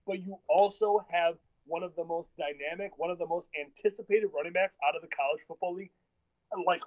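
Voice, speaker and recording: A man co-hosting a casual sports podcast, arguing football picks bluntly and in rapid bursts. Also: high voice, dry recording. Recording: dull lo-fi sound.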